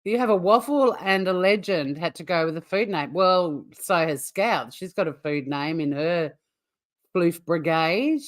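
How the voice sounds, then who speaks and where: A woman's voice: lowish voice, lively intonation, a little slow. An Australian woman hosting a casual livestream, chatting to viewers in a rambling way with frequent laughs. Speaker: livestream host.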